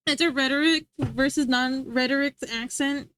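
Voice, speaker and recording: A woman's voice: high-pitched, unhurried, hardly any pauses, bright, forceful tone, no echo. A woman livestreamer chatting casually with her viewers, giggly and full of filler words.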